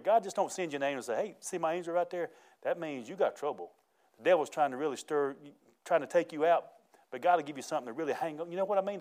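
A man preaching a lively, folksy sermon, laughing as he goes. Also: a little high. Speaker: pastor.

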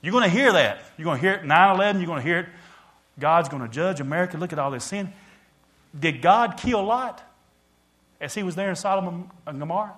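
A man preaches fast in a slightly high voice, his volume swelling loud and then falling quiet as he calls out to the congregation.

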